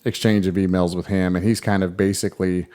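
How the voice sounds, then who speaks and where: A man with a low voice co-hosts a casual podcast. He talks in an easygoing way, hedges his points, and leans on fillers. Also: little pitch movement, fairly quick, warm tone. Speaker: podcast co-host. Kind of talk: casual chat.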